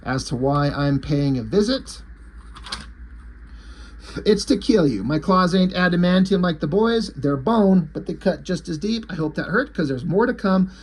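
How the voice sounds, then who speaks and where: A man reading aloud as a brutal feral villain with a slightly husky voice. The villain speaks in low, menacing taunts. He is a sneering killer who enjoys the hunt. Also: expressive, unhurried.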